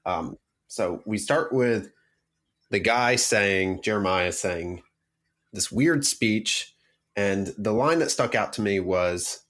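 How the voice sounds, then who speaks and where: Low-voiced man rambling casually. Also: takes it slowly, fairly bright tone. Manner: rambling, many fillers and restarts. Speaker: podcast co-host. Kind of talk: casual podcast discussion.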